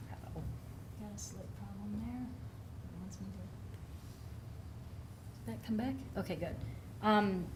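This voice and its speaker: A woman's voice: medium pitch, a little mellow, a little hiss or hum. A middle-aged woman, a brain injury researcher, giving a conversational talk to coaches with plenty of fillers and restarts. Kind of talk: conference talk.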